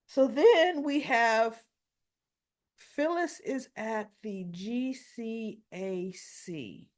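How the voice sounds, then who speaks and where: A woman hosts a casual recap of soap opera episodes in a fairly high voice. She speaks at an unhurried pace, drawing out her words. She retells each scene with animated emphasis. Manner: animated retelling, acting out quoted lines with rising emphasis.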